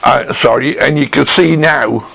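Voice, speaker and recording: In his home workshop, a man casually shows off and reviews a woodworking tool, speaking slowly and thinking aloud with frequent restarts as he handles it. His mid-range voice is creaky, pushed and bright, captured by a camera mic in a low-quality recording.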